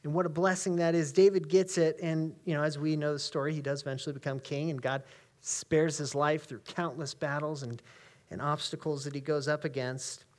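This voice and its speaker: A man with an American accent preaching in a church, his voice sitting a little higher than most men's. He talks to the congregation in an easy, chatty way, then slows down and leans into each phrase when he reads scripture aloud. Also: fairly even intonation. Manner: conversational preaching, reads scripture slowly and emphatically. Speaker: pastor. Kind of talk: sermon. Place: church sanctuary.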